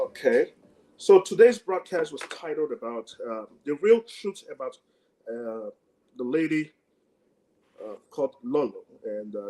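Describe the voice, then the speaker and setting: A man's voice: mid-range voice, mellow, poor audio. A man with a Nigerian accent hosting a casual livestream, chatty and laughing often as he greets viewers by name. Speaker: livestream host.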